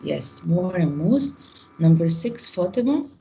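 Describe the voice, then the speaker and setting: A woman teaches an English grammar lesson, working through example sentences slowly. Her voice is low, dark and gravelly, and it swings widely in pitch as she quizzes her students. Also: big pitch swings. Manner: slow, example-driven explaining, quick questions to students. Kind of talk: online class teaching.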